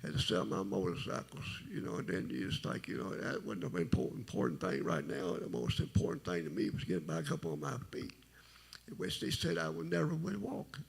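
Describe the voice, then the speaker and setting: A middle-aged man with a very deep, gravelly voice, telling his testimony at a church service in a halting, rambling way. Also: very animated. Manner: rambling, halting, folksy storytelling. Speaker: testimony speaker.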